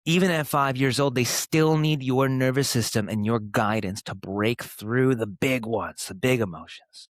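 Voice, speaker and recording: A man in his thirties hosting a podcast, speaking earnestly and emphatically in short, punchy phrases with pauses. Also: mid-range voice, no echo, studio quality. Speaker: podcast host. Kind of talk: motivational podcast monologue.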